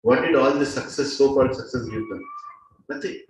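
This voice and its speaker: A man's voice: medium pitch, wildly swooping pitch, brisk, a little hiss or hum. A man with an Indian accent teaching a class, asking the audience questions and laughing now and then. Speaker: spiritual teacher. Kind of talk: lecture to a class. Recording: echoey hall from far off.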